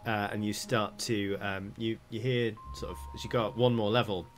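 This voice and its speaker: A man's voice: lowish voice, fairly even intonation, moderate pace, music in the background. A man narrating as dungeon master, describing scenes loosely with lots of fillers. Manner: rambling, filler-heavy description. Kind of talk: narrating a tabletop game.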